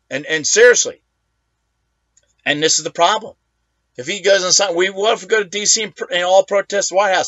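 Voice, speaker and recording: A male talk show host on a rant, swearing freely and picking fights in his monologue. His voice sits a touch high and comes across bright and forceful. The sound is dry and a little dull, like a lo-fi home setup. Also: brisk, long pauses, dry recording. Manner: profane, ranting and combative.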